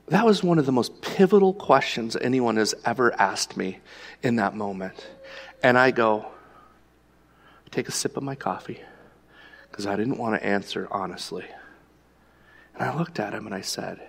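A man's voice: mid-range voice, animated, normal speed, creaky, pauses often, fairly bright tone, breathy edge, in a large hall. A male pastor preaching a sermon, telling a personal story in a conversational storytelling way.

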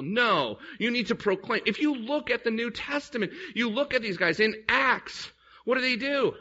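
Male pastor, emphatic storytelling sermon, high voice, muffled lo-fi recording. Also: lively intonation, moderate pace, bright, forceful tone. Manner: emphatic, storytelling preaching with rhetorical questions. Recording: dull lo-fi recording.

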